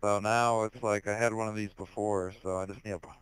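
A teenage boy in casual online voice chat on a headset, rambling crudely with heavy swearing and sudden shouted outbursts. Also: fairly low pitch, steady tone, fairly quick, clear, resonant tone, no room sound, rough recording. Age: teens.

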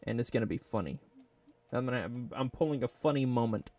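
A man's voice: medium pitch, animated, fairly quick, a little mellow. A man casually talking to himself while he sculpts a 3D model, rambling and joking as he works. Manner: rambling, jokey, talks to himself. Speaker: 3D sculpting video creator. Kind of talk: casual self-talk while working.

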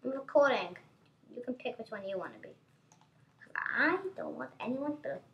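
A woman giving excitable, chatty gameplay commentary as a gaming channel host, constantly exclaiming at what happens on screen. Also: fairly high pitch, a little fast, long pauses.

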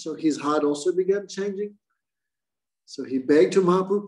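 A man's voice: fairly high pitch, fairly quick, poor audio. A man, a spiritual teacher, telling a devotional story in a class and acting out the lines of its figures. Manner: animated storyteller who voices quoted lines.

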